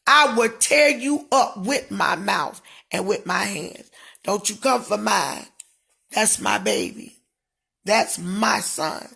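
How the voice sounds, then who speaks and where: A middle-aged woman in a fiery live-stream rant with a preacher's cadence, swinging between shouting and dropping her voice low. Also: animated, slow pace, creaky. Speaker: prophetess.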